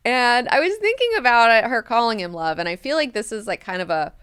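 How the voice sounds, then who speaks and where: A woman hosting a book club, recapping chapters in a chatty, animated way with frequent filler words. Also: medium pitch, fast talker, smooth, dry recording, clean studio sound.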